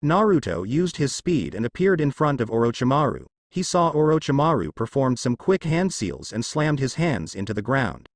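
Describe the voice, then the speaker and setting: Man narrating fan fiction, lively and dry. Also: mid-range voice, normal speed, hardly any pauses, no echo. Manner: steady storytelling read, voicing all characters in the same plain voice.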